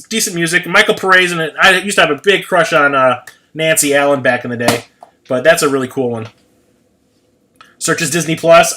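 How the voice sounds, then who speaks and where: A man's voice: on the high side, sharp tone. A man in his forties chatting casually on a livestream, rambling, swearing freely and laughing at himself. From United States. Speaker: livestream host.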